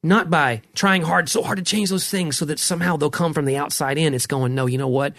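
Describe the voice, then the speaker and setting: A man's voice: a little high, fairly quick, a bit bright, no room sound. A middle-aged man in a casual conversation about faith, earnest and reflective, often restarting his sentences.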